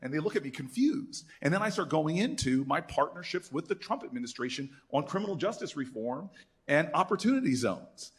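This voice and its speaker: A man in his fifties, a senator, telling animated stories at an alumni event and acting out the people he quotes. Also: a little high, a little fast, slightly rough. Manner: animated storyteller who acts out quoted voices. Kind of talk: storytelling speech.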